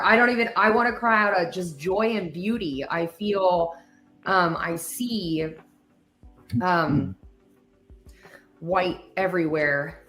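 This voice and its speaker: Woman host, low-ish pitch, unhurried and heartfelt, faint music under her. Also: a bit bright. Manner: emotional, earnest, many fillers and trailing pauses. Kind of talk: heartfelt casual talk show chat.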